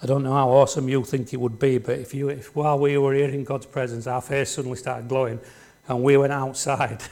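A man's voice: mid-range voice, flat delivery, a little fast, hardly any pauses, a little mellow. A man delivering a sermon from the front of a church. His delivery is plain and conversational, with a middle-range voice. He keeps asking the congregation "isn't it?" and "don't we?" to keep them involved. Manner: conversational, leans on tag questions to the congregation. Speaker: preacher.

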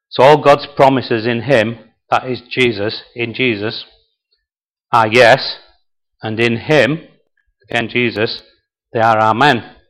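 Chatty preacher, voice wearing thin. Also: male voice, medium pitch, slow, pauses often, fairly bright tone, low-quality recording. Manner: chatty, asks the congregation questions. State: voice tiring, clearing throat. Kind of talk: sermon with a told joke.

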